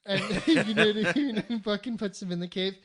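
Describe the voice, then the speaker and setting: A podcast co-host rambles casually, swearing freely, in a mid-pitched conversational voice at a moderate pace. Now and then they slip into brief mock voices for the characters.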